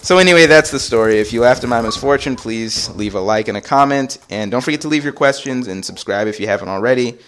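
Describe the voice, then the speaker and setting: A man telling a personal story in a casual storytime vlog, animated and acting out the voices of the people in it. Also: medium pitch, fast, hardly any pauses, slight background noise. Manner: animated, acts out quoted voices. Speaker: vlogger.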